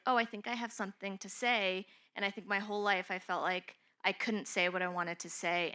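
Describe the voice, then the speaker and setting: Woman, producer, bright, smooth voice, frank, chatty. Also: medium pitch. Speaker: producer on a panel. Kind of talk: casual panel chat.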